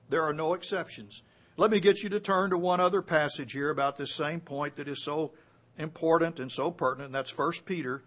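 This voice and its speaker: Male pastor, high-pitched, emphatic sermon delivery with big dynamic swings. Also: breathy edge. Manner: emphatic preaching with wide swings in loudness; reads scripture aloud, slows for key phrases.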